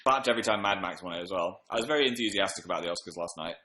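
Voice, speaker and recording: A man's voice: low voice, very fast, bright, forceful tone, echoey room, slight background noise, rough recording. A man hosting a casual livestream from a room at home, tired after a late night, chatting and reading out comments with upbeat bursts. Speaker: livestream host.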